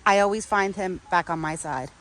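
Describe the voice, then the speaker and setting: A woman chatting casually to camera outdoors while feeding a pet deer, cooing to it in soft baby talk. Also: on the low side, moderate pace. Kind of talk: casual outdoor vlog chat. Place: outdoors in a windy yard. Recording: faint wind and outdoor noise.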